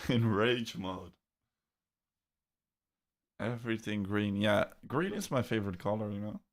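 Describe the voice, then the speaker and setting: A man's voice: lowish voice, expressive, slow, long pauses. A young man with a Dutch accent hosting a casual crypto livestream, reading chat comments and often restarting his sentences. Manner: chatty, repeats words, restarts sentences.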